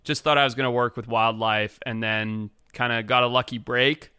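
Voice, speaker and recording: Guy from africa telling wild stories, swears a lot, crisp and bright. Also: level tone, normal speed, no room sound, studio quality. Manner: laid-back, swears, acts out quotes in high voices. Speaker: podcast guest, wildlife biologist. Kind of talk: casual storytelling chat.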